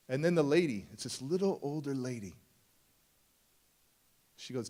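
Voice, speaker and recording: A middle-aged man giving a motivational keynote at a youth summit, telling his life story in a lively way and acting out his younger self. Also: medium pitch, moderate pace, pauses often. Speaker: motivational speaker. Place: conference stage before a live audience.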